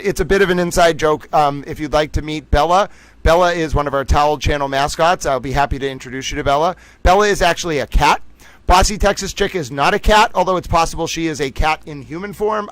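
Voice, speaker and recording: A man's voice: on the high side, a bit bright, no echo, poor audio. A man hosting a livestream, reading viewer comments aloud and riffing in a playful, rambling way. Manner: playful, rambling, jokey asides to chat. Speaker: livestream host.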